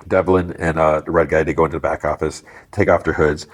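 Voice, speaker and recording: A man with a very deep voice hosts a podcast and recaps a TV episode scene by scene. He rambles casually, leaning on fillers as he goes. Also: level tone, quick pace, few pauses. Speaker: podcast host.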